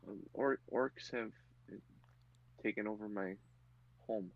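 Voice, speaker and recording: A man's voice: fairly low pitch, phone-quality sound. A man doing a timid stammering woman in her forties. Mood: shaken. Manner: stammering, halting. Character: frightened mid-forties woman, grieving, timid.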